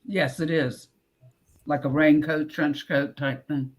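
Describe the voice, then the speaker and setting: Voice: medium pitch, steady tone, slow pace. A speaker joking around in a casual group video chat. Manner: playful, joking.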